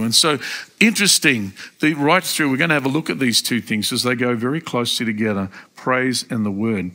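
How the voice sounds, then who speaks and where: An Australian man preaching a sermon in a church, emphatic and rising to loud exclamations, acting out quoted prayers. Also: mid-range voice, brisk. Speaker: pastor. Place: church service.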